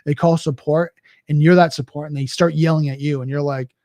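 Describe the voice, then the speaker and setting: A man hosts a podcast in a loose, conversational monologue, often circling back with "right?". His voice sits a bit high for a man, with a mellow, relaxed tone. The recording is dry and close. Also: fairly quick, no room sound. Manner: conversational, with frequent restarts and "right?" asides. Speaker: podcast host. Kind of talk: casual monologue.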